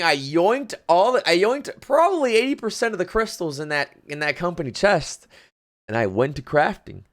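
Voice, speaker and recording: A man's voice: high-pitched, moderate pace. A man telling a gaming story in casual stream chat, rambling and stumbling over his words. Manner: rambling, lively, stumbles and restarts.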